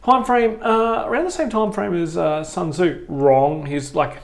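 A man's voice: high-pitched, measured pace, creaky. A man co-hosting a comedy podcast, chiming in with dry, teasing quips and casual explanations. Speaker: podcast co-host.

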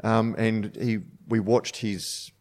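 A man from Australia hosts a relaxed beer podcast, his voice a bit low. He asks questions in an easygoing way and nudges his guest toward a topic. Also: takes it slowly. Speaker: podcast host. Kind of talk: casual interview chat.

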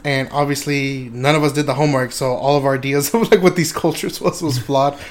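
A man's voice: mid-range voice, fairly even intonation, brisk. A young man telling a casual, rambling story, laughing often and swearing freely. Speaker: podcast host.

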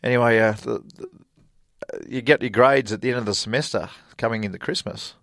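A man's voice: medium pitch, brisk, vocal fry, no echo. Australian man, middle-aged, casual storytelling, chatty, laughs a lot, dry close mic. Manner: chatty, laughs often, animated retelling with voiced quotes. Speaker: guest, former college golfer.

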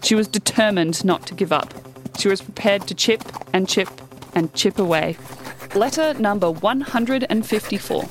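A woman reading a children's story aloud in a lively way, acting out the characters' lines. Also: mid-range voice, normal speed, soft background music.

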